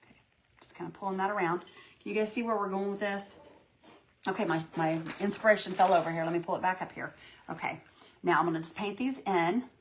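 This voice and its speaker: A woman's voice: medium pitch, steady tone, brisk, pauses often. A woman hosting a casual live painting tutorial, folksy and chatty, greeting viewers by name and talking herself through each step. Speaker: craft livestream host.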